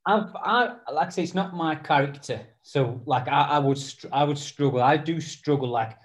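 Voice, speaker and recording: A man hosting a construction podcast, chatting in a relaxed, agreeable way with casual swearing. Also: on the high side, moderate pace. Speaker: podcast host. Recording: slightly dull lo-fi recording.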